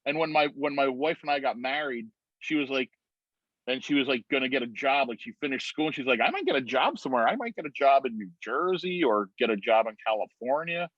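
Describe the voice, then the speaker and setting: A man on a video call, telling a story in a rambling, animated way full of "like"s. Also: medium pitch, a little fast, no echo. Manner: rambling, animated retelling with many "like"s. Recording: muffled video-call audio.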